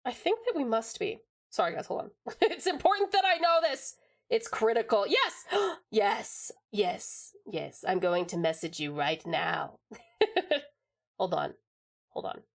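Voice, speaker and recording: A woman's voice: fairly high pitch, vocal fry. A young woman from Tasmania, Australia, chatting casually on a livestream, bubbly and giggly as she greets viewers and reads messages from chat. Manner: bubbly, giggly, fast-switching, swears casually. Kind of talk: casual live-stream chat, reading chat messages.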